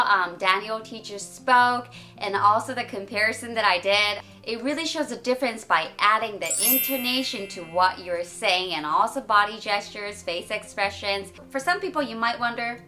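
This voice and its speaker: A woman in her thirties from Wales, giving a clear, expressive English lesson to camera. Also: medium pitch, normal speed, hardly any pauses, faint music behind. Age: 30s. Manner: clear, expressive teaching delivery. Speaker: English teacher.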